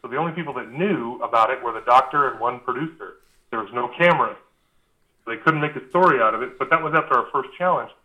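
A man as a guest, telling a story in a casual, animated way and acting out the dialogue, with frequent "uh" fillers. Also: medium pitch, quick pace, muffled recording. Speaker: guest recalling a reality show.

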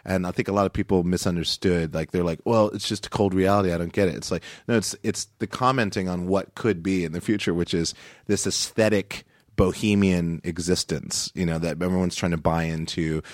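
A man as a podcast guest, talking in a rambling, animated way and quick to joke. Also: deep voice, dry recording, studio quality. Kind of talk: casual podcast chat.

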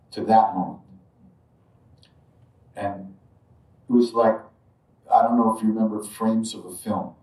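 A man's voice: fairly low pitch, mellow. Reflective man telling a story, distant and echoey. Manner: reflective, halting, many asides like "you know" and "right". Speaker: spiritual speaker telling a personal story. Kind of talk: live storytelling talk to an audience. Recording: roomy echo, distant mic.

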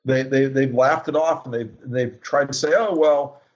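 A man's voice: medium pitch, steady tone, moderate pace. A man talking politics as a guest, sardonic and full of false starts. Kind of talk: casual political discussion. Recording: dull lo-fi sound.

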